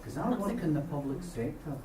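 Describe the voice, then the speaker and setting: A Scottish trade unionist makes his case in blunt, everyday speech, his voice sitting a little high for a man. He is heard from a distance across an echoey meeting hall, with steady noise under him. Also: brisk, crowd noise. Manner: blunt, colloquial, storytelling. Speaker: trade unionist audience member. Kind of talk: impassioned debate contribution. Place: meeting room at a union debate.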